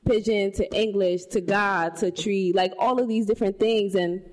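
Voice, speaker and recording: A young woman co-hosts a podcast, chatting casually with lots of fillers and restarts. Her mid-range voice stays fairly even in intonation at a moderate pace.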